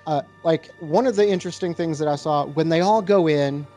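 A man's voice: on the high side, a little fast, warm tone, faint music behind. A man hosting a casual podcast chat, talking loosely with many filler words while reviewing a beer. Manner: laid-back, lots of filler words.

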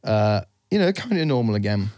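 Lively, chatty English man. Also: on the low side, a little fast, dry recording, clean studio sound. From England. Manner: chatty, laughing, puts on silly voices for quotes. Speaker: podcast co-host. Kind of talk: casual chat.

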